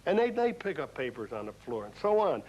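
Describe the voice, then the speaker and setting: A man's voice: on the high side, very animated, brisk, a little mellow. An older man who runs a store, speaking earnestly in a folksy, storytelling way about managing people. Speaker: store owner. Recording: dull lo-fi film audio.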